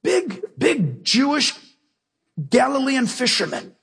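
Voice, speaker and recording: A man's voice: extremely high pitch, sing-song, takes it slowly, a bit bright, breathy edge. A man preaching a sermon, emphatic and full of rhetorical questions to his listeners. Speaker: pastor.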